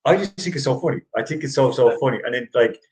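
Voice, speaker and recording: Speaking quickly in a medium-pitched, darkish voice, a middle-aged man hosts a laid-back sports chat show. He wanders through his points, keeps starting over and laughs readily, and the recording is rough.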